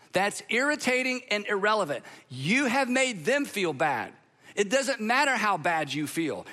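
A pastor with a high, bright voice preaches a sermon in a large hall. He speaks emphatically, holding slow, weighty pauses before speeding up in lively bursts.

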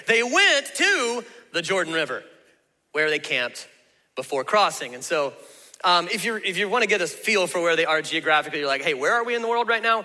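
Bright-voiced preacher in a reverberant hall. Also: male voice, high voice. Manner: conversational, folksy preaching with emphatic asides. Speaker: pastor. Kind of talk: sermon.

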